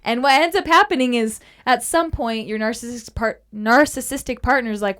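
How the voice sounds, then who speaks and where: A woman's voice: on the high side, normal speed, fairly bright tone. A woman in casual talk about relationships who earnestly acts out the lines she quotes. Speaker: co-host.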